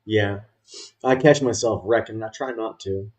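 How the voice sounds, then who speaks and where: A man from rural North Carolina with a Southern drawl, hosting a tabletop game in a folksy, joking way with many pauses. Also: lowish voice, a little mellow, highs cut off. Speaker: game master.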